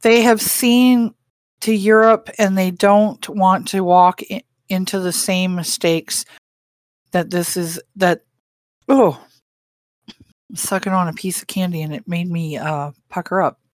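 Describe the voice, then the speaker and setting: A woman's voice: lowish voice, steady tone, measured pace, dry recording, studio quality. A woman co-hosting a podcast in casual chat, rambling with lots of hesitant fillers. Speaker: podcast co-host.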